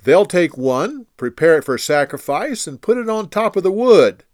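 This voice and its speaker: A man's voice: sits high, sing-song, moderate pace, no room sound, pitched above the performer's own voice. Stern male prophet, commanding, raised proclaiming voice, read by a man, dry close sound.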